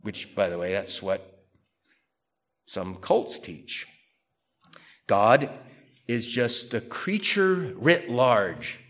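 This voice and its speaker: A man's voice: on the low side, drawn-out words, long pauses. A man giving a conversational theology lecture, reading quotations aloud and questioning them. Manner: animated, conversational, reads quotes aloud. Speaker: theology teacher. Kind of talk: classroom lecture.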